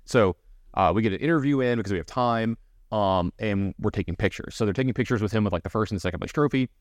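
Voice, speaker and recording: A man talking fast and loose as he tells a funny story on a podcast. His voice sits a bit low and sounds dry and close to the mic, with plenty of fillers and quick restarts. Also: dry recording. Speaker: podcast co-host. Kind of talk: casual storytelling chat.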